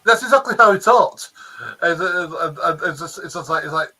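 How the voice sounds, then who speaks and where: A man co-hosting a casual review show, with a bright, sharp-edged voice that sits fairly high. He gives his opinions bluntly and stumbles through restarts as he talks. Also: expressive, moderate pace, rough recording. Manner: blunt, restless, full of restarts. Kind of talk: casual chat.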